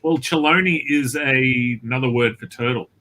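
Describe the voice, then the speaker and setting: A man's voice: medium pitch, moderate pace, pushed and bright. A man chatting as a guest, playful and teasing. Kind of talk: casual group chat.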